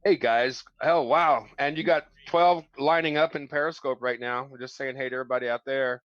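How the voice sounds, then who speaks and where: A man's voice: medium pitch, steady tone, fairly quick, a bit bright, no echo, highs cut off. An older man chatting as a guest on a livestream, rambling and easygoing. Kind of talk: casual livestream banter.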